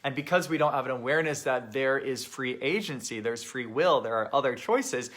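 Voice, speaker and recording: A man's voice: medium pitch, fairly quick, fairly bright tone. A man who is a life coach, hosting his own live online show and talking earnestly and reflectively to viewers. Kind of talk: casual direct-to-camera live talk.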